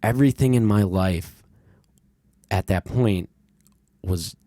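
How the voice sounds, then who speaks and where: A man hosting a podcast tells a childhood story in casual, conversational fashion, rambling and candid, swearing freely and relying on fillers. His lowish, dark voice is slow, captured in a dry, studio-quality recording.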